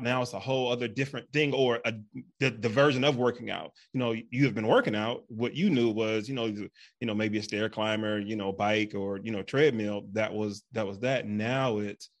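With a steady, mid-range voice at normal speed, a man hosts a fitness podcast in casual interview chat. He rambles, using lots of fillers and restarting his sentences.

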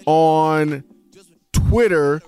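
A man's voice: a little high, extremely slow, a little mellow, clear, resonant tone, faint music behind. A man co-hosting a podcast in casual chat, with a sing-song, hyped delivery. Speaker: podcast co-host.

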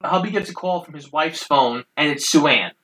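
Brief: man co-host, somewhat high and bright, narrating the plot in a casual way. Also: fairly quick, poor audio. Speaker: podcast co-host. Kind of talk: casual movie recap chat.

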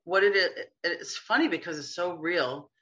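A woman talking as a guest healer in a casual interview, chatty and animated, often acting out little quoted voices. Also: lowish voice, moderate pace, lo-fi sound.

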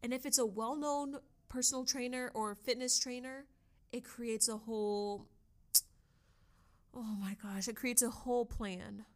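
A young woman hosting a casual solo podcast, talking in an excitable, gushing way and laughing often. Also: on the high side, measured pace. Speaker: podcast host.

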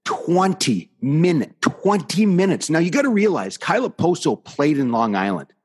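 A man's voice: a little high, big pitch swings, moderate pace, breathy edge. A man who coaches youth hockey, telling a story on a podcast in an emphatic, indignant way and repeating words for effect.

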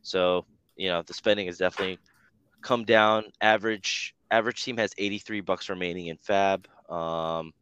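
A man's voice: low voice, fairly even intonation, normal speed, a bit bright, smooth, no echo. A man co-hosting a podcast who talks steadily through figures with frequent fillers, on slightly dull lo-fi audio. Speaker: podcast co-host. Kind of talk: casual podcast chat.

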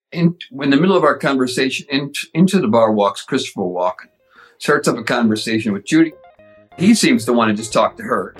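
An older man casually telling a lively backstage anecdote, swearing freely. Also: medium pitch, rough recording. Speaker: guest storyteller.

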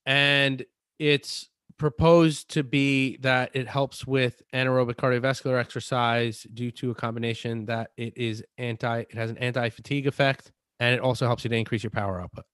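A man's voice: medium pitch, little pitch movement, normal speed, a bit bright, clear, resonant tone, no echo. A man with a mid-range voice co-hosts a fitness chat and walks through supplement advice in an explanatory way. He often restarts and repeats himself as he talks. The sound is close and dry. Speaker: fitness podcast co-host. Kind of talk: casual chat.

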